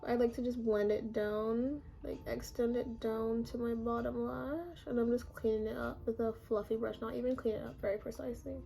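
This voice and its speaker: A young woman talks through her makeup routine in a relaxed, chatty way. Her voice sounds hoarse and gravelly, and it sits a bit higher than most. Faint music plays behind her. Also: a little fast, hardly any pauses. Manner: chatty, self-deprecating, talks while applying makeup. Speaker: makeup vlogger. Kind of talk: casual makeup tutorial chat.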